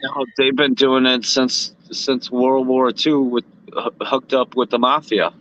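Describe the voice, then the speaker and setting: A man chatting on a livestream from a vehicle, speaking in an animated, emphatic way. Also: medium pitch, unhurried, highs cut off. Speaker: livestream participant. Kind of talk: casual chat.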